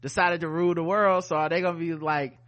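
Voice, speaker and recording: A man's voice: a little high, level tone, fast, fairly bright tone, lo-fi sound. A man co-hosting a casual podcast chat. He laughs often and reads listener comments aloud. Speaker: podcast co-host.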